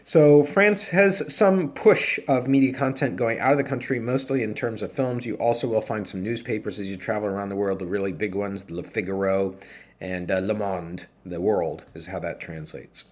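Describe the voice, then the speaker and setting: A man's voice: lowish voice, moderate pace. A man lecturing to students in a conversational way, often restarting and repeating words as he talks to the class. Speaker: university lecturer. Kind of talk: recorded lecture.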